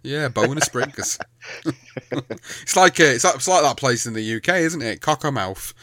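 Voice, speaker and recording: A man's voice: mid-range voice, lively intonation, normal speed, bright, forceful tone, dry recording. A man co-hosting a podcast, rambling cheerfully with frequent laughs and restarts. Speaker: podcast co-host and editor. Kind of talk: casual chat.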